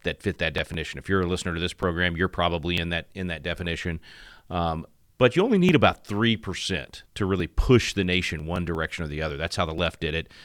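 Radio host, man, middle-aged, very low voice, dry studio sound, loose rambling delivery. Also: fairly bright tone, dry recording. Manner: rambling, frequent restarts and filler. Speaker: radio talk show host. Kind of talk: casual radio commentary.

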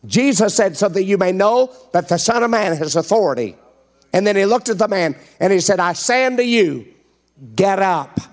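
A man preaches a fervent sermon in a church, calling out to the crowd for responses. His voice sits a little higher than usual for a man. He acts out the scripture scenes as he goes. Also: a little fast, a little mellow. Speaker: evangelist preacher. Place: church before a congregation.

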